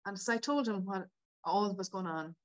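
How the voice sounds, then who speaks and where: A woman's voice: medium pitch, normal speed, highs cut off. A woman, a podcast guest candidly telling her own story with many fillers. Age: 50s. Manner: candid and tearful at times, many 'like' fillers. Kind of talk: emotional personal storytelling.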